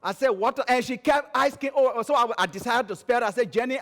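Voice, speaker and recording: A man from Liberia with a Liberian accent, preaching a sermon and telling stories, moving between emphatic raised phrases and quiet low ones. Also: quick pace, few pauses. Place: church sanctuary. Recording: church sanctuary with long reverb.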